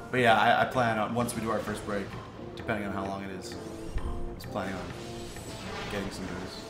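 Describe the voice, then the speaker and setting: A man's voice: fairly low pitch, steady tone, moderate pace, pauses often, loud music behind the voice. Jokey North American man, roomy sound. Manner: jokey, laughs often. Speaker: co-commentator. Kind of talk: casual stream banter.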